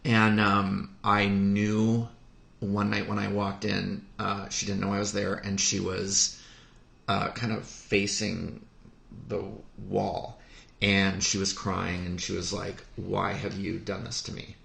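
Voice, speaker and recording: A man telling a personal story on a podcast, speaking in a halting, heartfelt way with many pauses. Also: on the low side, completely flat delivery, creaky, fairly bright tone. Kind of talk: podcast conversation. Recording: roomy echo.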